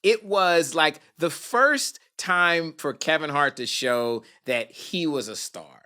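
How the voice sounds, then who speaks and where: Lively, bright-voiced male storyteller. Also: on the high side, takes it slowly, smooth. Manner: lively, dramatic, acts out the people in his story. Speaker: podcast guest, film producer. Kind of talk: animated storytelling.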